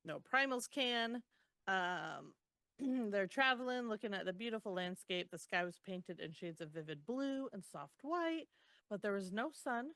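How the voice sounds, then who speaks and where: A woman's voice: mid-range voice, animated, unhurried, a bit bright, dry recording. A woman co-hosting a podcast, chatting casually about a novel, laughing often and filling with ums as she recaps. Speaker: podcast co-host. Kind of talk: casual book discussion.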